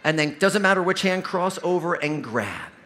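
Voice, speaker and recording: Man, 40s, keynote speaker, high voice, animated pitch, storytelling, talks to the crowd. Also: normal speed. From Ohio. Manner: energetic, storytelling, audience-engaging. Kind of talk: motivational keynote speech. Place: large convention hall stage.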